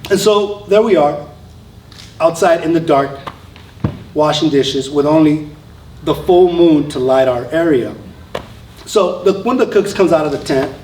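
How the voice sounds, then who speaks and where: A man's voice: on the high side, unhurried, pauses often, a little mellow, slight background noise. A man, an Army veteran, telling a story live on stage in a conversational way, with frequent fillers and restarts. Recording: roomy sound from a distant mic.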